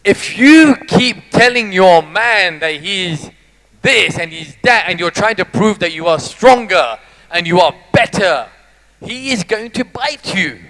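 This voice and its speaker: A man giving a lively, jokey motivational talk to a live audience. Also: high voice, unhurried, low-quality recording. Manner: animated, jokey, teases the audience. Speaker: motivational speaker.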